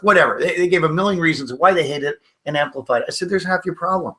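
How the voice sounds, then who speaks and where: Animated man teaching hypnosis. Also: a little high, quick pace, hardly any pauses. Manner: animated storyteller acting out quoted voices. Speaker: hypnosis trainer. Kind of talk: webinar teaching with anecdotes.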